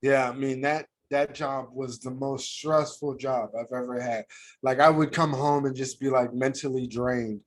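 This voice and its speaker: American male co-host, relaxed slangy storyteller, middle-pitched voice. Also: measured pace. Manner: casual, slangy, heartfelt storytelling. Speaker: podcast co-host. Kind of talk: casual storytelling chat.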